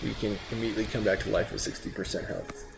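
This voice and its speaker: A man's voice: fairly low pitch, level tone, fast talker, creaky, noisy background. A man giving casual, chatty commentary on his gameplay, thinking aloud as he plays. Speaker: let's play streamer. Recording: game music playing behind the voice.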